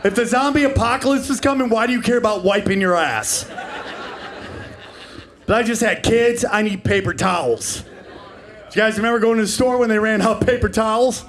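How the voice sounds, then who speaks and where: A man in his forties doing a stand-up comedy set, brash and profane, shouting his punchlines and acting out the people in his stories. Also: high-pitched, a little fast, slight background noise. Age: 40s. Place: comedy club stage in front of a live audience.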